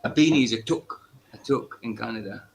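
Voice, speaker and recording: A man's voice: medium pitch, quick pace, vocal fry, a little mellow. A Scottish man co-hosting a livestream, chatting casually and repeating his encouragement. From Scotland. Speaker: stream co-host.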